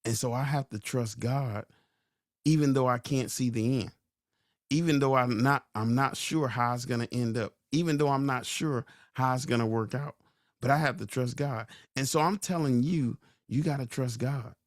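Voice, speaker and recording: A man hosting a podcast, giving a sermon-like motivational talk, slowing down and repeating key lines for emphasis. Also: mid-range voice, no room sound, studio quality. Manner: slow, drawn-out emphasis. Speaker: podcast host.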